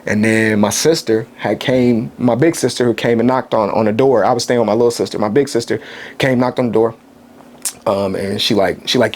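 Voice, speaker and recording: Candid, soft-spoken man telling a story. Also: mid-range voice. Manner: soft-spoken, candid, halting with many restarts. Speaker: podcast guest. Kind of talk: casual chat, personal storytelling.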